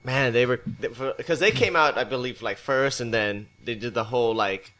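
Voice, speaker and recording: A man's voice: medium pitch, normal speed, sharp tone. A man co-hosting a podcast, talking in a laid-back way and saying "like" often. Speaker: podcast co-host. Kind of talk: casual wrestling review chat.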